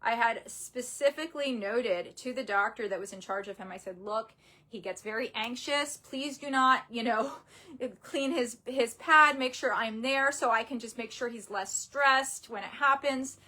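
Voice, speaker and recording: Young adult woman, slightly high voice, grieving vlogger. Halting, upset delivery, near tears, lots of restarts. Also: pushed and bright. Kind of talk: emotional personal story.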